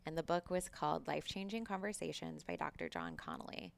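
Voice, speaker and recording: A woman's voice: deep voice, big pitch swings, brisk, creaky. A middle-aged woman, a podcast guest, telling a personal story in casual, candid talk, swearing freely and acting out past conversations.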